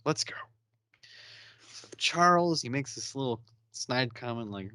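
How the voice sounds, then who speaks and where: Animated young man recapping a show. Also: medium pitch, unhurried, clear, resonant tone, dry recording. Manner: animated, acts out characters' lines with laughter. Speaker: podcast host. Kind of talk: casual recap chat.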